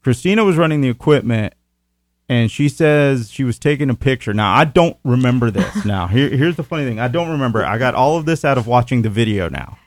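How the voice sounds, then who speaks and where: A man in a mid-range voice talks in a relaxed, rambling way as a host, with plenty of fillers. The sound is dry and close. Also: mid-range voice, a little fast, no room sound. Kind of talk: casual chat.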